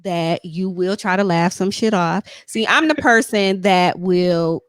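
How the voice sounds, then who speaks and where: A woman's voice: on the low side, measured pace, clean tone, dry recording, clean studio sound. A woman hosting a podcast in casual chat, talking earnestly and encouragingly and often checking in with "you know what I'm saying.". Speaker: podcast host.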